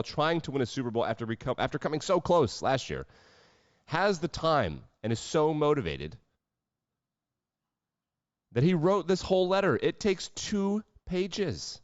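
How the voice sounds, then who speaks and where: A man's voice: medium pitch, dry recording, dull audio. A man hosting a solo sports podcast, talking casually with sarcastic, wry asides. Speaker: podcast host.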